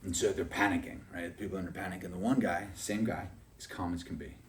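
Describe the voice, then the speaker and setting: A man's voice: deep voice, steady tone, fast talker, recorded from a distance, slight background noise. A man giving a motivational sales training talk, chatty and often asking "right?" to check in with his listeners.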